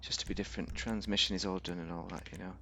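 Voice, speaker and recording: A man's voice: low-pitched, fairly even intonation, quick pace, bright, forceful tone, a little hiss or hum. A man giving rambling, casual commentary on a game, thinking aloud with fillers and restarts. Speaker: game reviewer.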